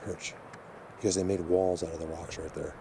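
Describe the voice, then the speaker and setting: A man hosting an outdoor vlog, rambling excitedly with many fillers as he walks through a mountain forest. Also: low-pitched, normal speed, background noise. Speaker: vlog host exploring the outdoors. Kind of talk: casual walking vlog commentary.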